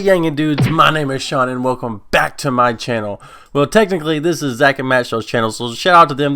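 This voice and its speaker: A man hosting his own channel, chatting casually and excitedly, rambling and laughing often. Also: mid-range voice. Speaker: commentary channel host. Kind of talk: casual vlog chat.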